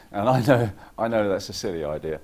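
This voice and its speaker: A man giving a lively, irreverent conference talk, joking with the audience and acting out what clients say. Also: fairly low pitch, moderate pace. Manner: acts out clients' lines in quoted voices. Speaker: conference speaker. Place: conference hall.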